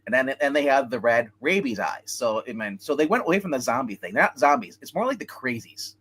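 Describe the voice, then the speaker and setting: A man's voice: mid-range voice, lively intonation, fairly quick, fairly bright tone, husky. A man co-hosting a casual film review chat, rambling as he retells scenes and acts out quotes. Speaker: movie review show co-host.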